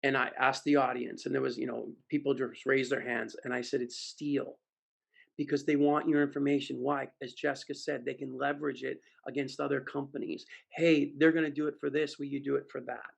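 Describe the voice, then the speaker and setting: Animated gravelly-voiced male sales trainer. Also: medium pitch, brisk. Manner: animated, acts out voices of audience members in a story. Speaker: sales trainer and keynote speaker. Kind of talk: conference keynote storytelling.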